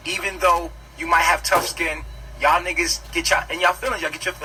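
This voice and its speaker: A man's voice: on the high side, flat delivery, a little fast, bright, forceful tone. A man lecturing emphatically and profanely in a casual, heated chat. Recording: noisy played-back stream audio.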